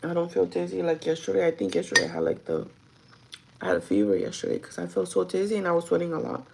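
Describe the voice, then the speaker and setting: Sick and losing her voice, a young woman vlogs to her live chat, chatting casually and switching between English and Spanish. Her voice is hoarse and deeper than usual for her, yet she's very animated and quick, with background noise behind her.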